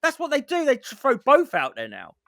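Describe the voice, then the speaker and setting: A man's voice: very high-pitched, wildly swooping pitch, a little fast, creaky, bright, forceful tone, no echo, clean studio sound. A man, co-hosting a comedy podcast, ranting and swearing as he mimics other people. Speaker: podcast co-host. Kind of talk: casual comedy podcast rant.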